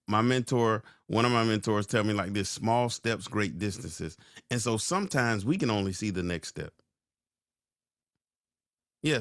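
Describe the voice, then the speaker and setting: A man's voice: medium pitch, fairly bright tone, no room sound. Preachy man repeating lines, dry sound. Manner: slow, drawn-out emphasis. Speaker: podcast host. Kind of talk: sermon-like motivational talk.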